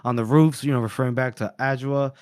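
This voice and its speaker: A man co-hosting a podcast, chatting casually about a book and retelling scenes with animated voices. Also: mid-range voice, quick pace, no room sound, studio quality. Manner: animated retelling, playing out characters' lines. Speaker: podcast co-host.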